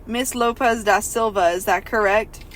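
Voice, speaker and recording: A woman's voice: mid-range voice, moderate pace, fairly bright tone, close to an everyday voice. A woman reading out a flustered, apologetic young man.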